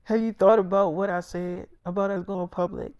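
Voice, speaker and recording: Guy putting on a quiet flirty actress voice, soft and coaxing. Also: high-pitched, steady tone, normal speed, clean tone, dry recording.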